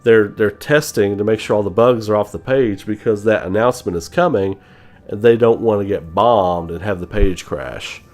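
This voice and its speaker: A man hosting a gaming channel, chatting casually on a live stream in an animated, profane way, laughing often. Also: lowish voice, moderate pace.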